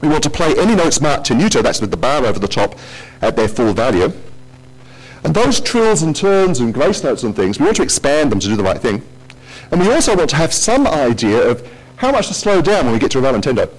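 A man's voice: mid-range voice, very animated, brisk. A man presenting a technical conference talk in a lecture hall, with joking asides to the audience.

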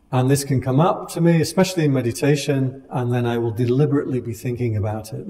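A man leads a meditation class in a calm, conversational dharma talk. His voice is mellow and soft-edged, with a gently humorous manner. The sound carries a long, lingering hall reverb. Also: mid-range voice. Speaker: meditation teacher.

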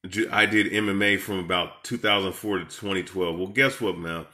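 A man's voice: low voice, fairly even intonation, normal speed, bright, forceful tone. A man giving heated, profane reaction commentary as an online preacher, confronting and scolding his rivals. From Seattle, USA.

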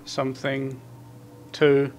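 A man giving horror game commentary, muttering asides to himself and reading in-game notes aloud in quick bursts. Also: medium pitch, monotone, darkish tone, a little hiss or hum. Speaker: gameplay commentator.

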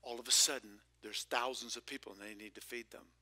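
A man preaching a lively sermon as pastor of a church, shifting between loud exclamations and hushed whispers with playful asides. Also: mid-range voice, fairly quick. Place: church sanctuary.

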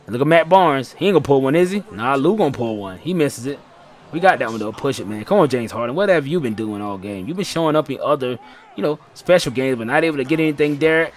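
A man giving casual, slangy play-by-play commentary over a basketball video game, excitable and heckling his own players. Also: mid-range voice, fast. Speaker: gaming channel host.

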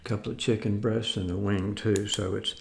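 A man's voice: lowish voice, flat delivery, normal speed, creaky. A man in his seventies from the United States, showing off his groceries in a rambling, folksy way with mildly skeptical asides. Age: 70s. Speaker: food vlogger. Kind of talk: casual grocery haul show-and-tell.

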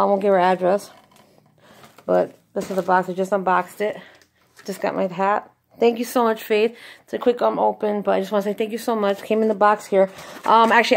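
Young woman vlogger, gravelly fry, excited, gushing thanks, casual unboxing. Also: mid-range voice.

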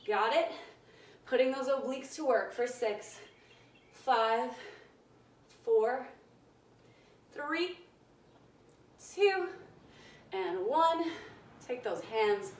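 Young woman, fitness instructor on a phone livestream, slightly high voice, slow cues, breathless, far from the mic in an echoey room. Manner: upbeat, counts down reps, greets viewers by name. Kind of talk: live workout class instruction. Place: home room, indoors. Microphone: phone on a live stream.

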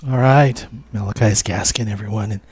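Brief: husky male host, dry close sound, hesitant questions. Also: lowish voice, fairly even intonation, a little mellow, dry recording. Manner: halting, searching for words. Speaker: interview host. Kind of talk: casual interview questions.

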